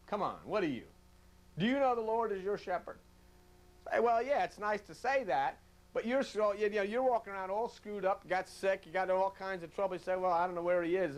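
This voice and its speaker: A man preaching a sermon on scripture in a folksy, animated way, acting out quoted voices. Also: high-pitched.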